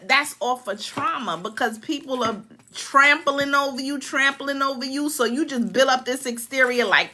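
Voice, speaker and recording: A woman's voice: high voice, normal speed, bright, forceful tone. A woman in her forties, a life coach, talking earnestly and emotionally to viewers and vividly acting out past scenes. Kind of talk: casual heartfelt talk to viewers.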